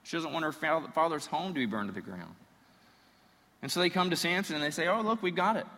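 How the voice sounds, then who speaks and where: A man preaching a sermon, retelling a story in an animated way with playful asides. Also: fairly high pitch, brisk. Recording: reverberant hall.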